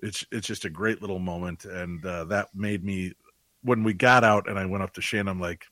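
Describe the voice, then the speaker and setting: Lively low-voiced man telling stories. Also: normal speed, no room sound. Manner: animated storyteller, jumps high for quoted voices. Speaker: paranormal investigator guest. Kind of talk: casual anecdote telling.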